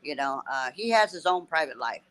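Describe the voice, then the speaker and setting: A woman guest in a casual podcast chat, talking haltingly and filling every pause with "you know", heard over a video call. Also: low voice, animated, fairly bright tone, low-quality recording.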